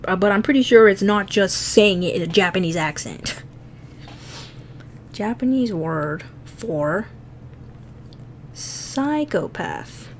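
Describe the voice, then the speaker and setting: A woman chats casually while drawing on a live stream, in a mid-pitched voice at an unhurried pace. She laughs often, swears freely and pokes fun at herself between thoughts. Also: a little hiss or hum.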